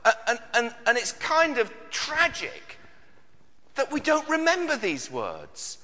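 A man's voice: extremely high pitch, huge pitch swings, slow, pushed and bright, long reverb tail. A British man preaching a sermon in an earnest way, with many searching questions and frequent repeated words. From Britain. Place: church.

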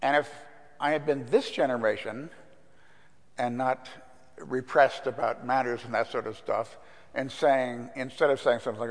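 An older man gives a conversational sermon, mixing stories with scripture in an everyday, mid-pitched voice. His words echo with a long church reverb. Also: moderate pace. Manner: conversational, anecdotal, with fillers. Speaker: pastor.

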